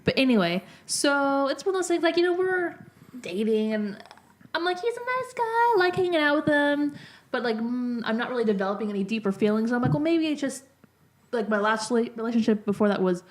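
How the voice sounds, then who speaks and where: A woman's voice: on the high side, expressive. Chatty young woman telling a breakup story. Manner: rambling, full of "like", quick laughs. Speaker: podcast co-host. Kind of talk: casual chat, storytelling.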